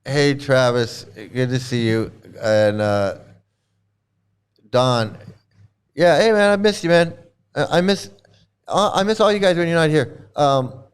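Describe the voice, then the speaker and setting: Speaking slowly with long pauses and a clean tone, this medium-pitched livestream host fills his casual commentary with indignant, mocking rants. He repeats himself again and again.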